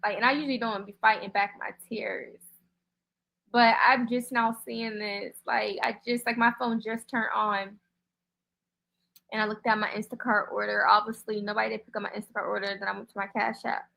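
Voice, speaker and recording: A woman's voice: medium pitch, level tone, moderate pace, creaky, pushed and bright, low-quality recording. A woman livestreaming, talking to her viewers in a rambling way, full of restarts and fillers. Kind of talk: casual livestream talk.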